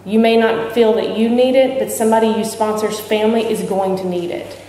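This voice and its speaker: A woman with a dark, mid-range voice speaks steadily and a little fast at a recovery convention. In a large hall, she candidly describes her recovery, jokes and poses questions to the audience. The recording has a little hiss or hum and sounds distant and echoey.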